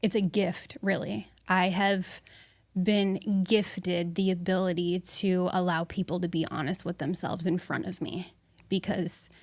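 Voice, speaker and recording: A young woman hosts a solo podcast in a low-pitched voice, speaking candidly and bluntly with casual swearing. She reflects out loud, pausing and restarting her thoughts. The sound is close and dry. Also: dry recording. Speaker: podcast host.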